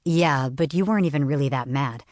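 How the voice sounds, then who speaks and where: A woman's voice: a bass voice, brisk, darkish tone, no echo, studio quality. A woman voicing an easygoing teenage boyfriend. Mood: teasing. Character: teenage boy, calm, teasing boyfriend.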